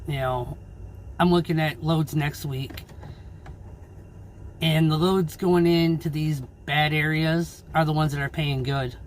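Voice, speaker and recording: A man who drives his own truck, ranting angrily and swearing in a casual vlog about low freight rates. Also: fairly even intonation, slow pace, a little hiss or hum. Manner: angry, swearing, frustrated. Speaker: owner-operator truck driver.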